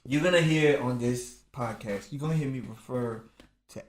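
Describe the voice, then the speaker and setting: A man's voice: medium pitch, moderate pace. A man in his thirties telling a childhood story on a casual podcast, acting out everyone's lines. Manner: animated storyteller who acts out everyone's lines. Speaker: podcast co-host. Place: home room. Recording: roomy home recording.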